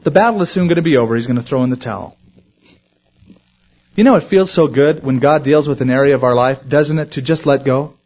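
Animated preaching man on a lo-fi recording. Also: mid-range voice, a little fast. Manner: animated preaching, acting out quoted voices. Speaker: pastor. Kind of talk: sermon.

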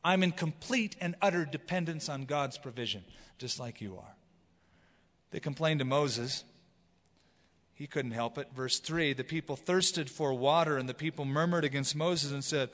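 A man's voice: on the high side, normal speed, fairly bright tone. A man preaching a sermon, teaching through the Bible and reading scripture aloud with expression. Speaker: pastor. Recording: long hall reverb.

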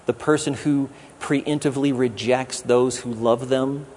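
A man's voice: medium pitch, steady tone, normal speed, hardly any pauses, darkish tone, slight background noise. A man giving a sermon as a guest pastor, in a conversational way with jokes. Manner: conversational preaching with jokes and acted quotes.

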